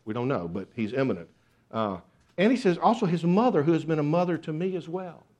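A man's voice: fairly high pitch, expressive, a little fast, darkish tone. A man preaching a sermon, earnest, with repeated rhetorical questions. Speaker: pastor.

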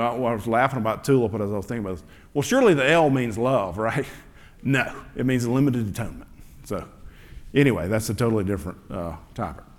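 A man preaching a relaxed, conversational sermon at a middle pitch, full of rhetorical questions and filler words. His voice carries a long reverb, as if recorded in a large hall. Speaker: pastor.

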